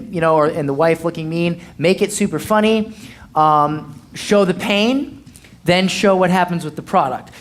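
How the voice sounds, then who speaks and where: A marketing coach giving punchy, blunt advice in a live Q&A, peppered with "okay?" and "boom" and the occasional swear word.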